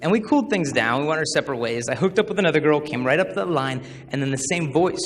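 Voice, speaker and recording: A man's voice: fairly high pitch, fast talker, hardly any pauses. A young man in his twenties giving a humorous talk, acting out the voices in his stories. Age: 20s. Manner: animated, acts out quoted voices. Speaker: chastity speaker. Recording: hall reverb with faint noise.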